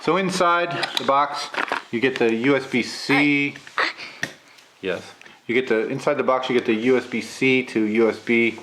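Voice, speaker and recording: Gravelly-voiced man with a cold. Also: mid-range voice, moderate pace, a little hiss or hum. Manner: relaxed, chatty, many filler "uh"s. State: getting over a cold, gravelly voice. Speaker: camera reviewer. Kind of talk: casual unboxing talk.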